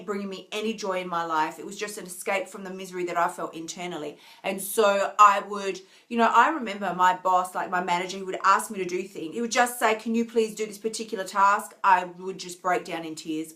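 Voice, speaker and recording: A woman hosting a casual live stream about mindset and food, talking with many restarts and acting out the voices in her head. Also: medium pitch. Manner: animated, acts out inner voices, many restarts.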